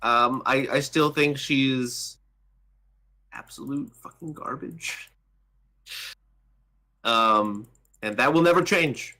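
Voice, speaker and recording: A man co-hosting a casual political commentary chat, talking bluntly in a hesitant, halting way. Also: medium pitch, sharp tone. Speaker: podcast co-host.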